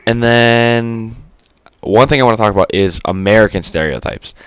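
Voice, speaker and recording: A man's voice: on the low side, normal speed, fairly bright tone, clean tone, no room sound. A man giving unscripted gameplay commentary, rambling and stuttery with lots of fillers and casual swearing. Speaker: gaming commentator.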